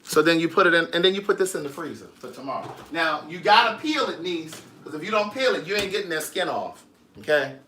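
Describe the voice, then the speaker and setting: Man, bright tone, slightly high voice, sassy casual how-to chat, home kitchen. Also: animated, quick pace, slight background noise. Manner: sassy, calls the viewer niece and girl. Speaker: vlogger and writer.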